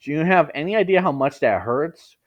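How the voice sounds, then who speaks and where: A man's voice: on the high side, animated, fairly quick, lo-fi sound, pitched above the performer's own voice. Creepy spider demon woman, a man reading her lines. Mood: taunting. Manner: mocking, taunting. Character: creepy female spider demon, taunting villain.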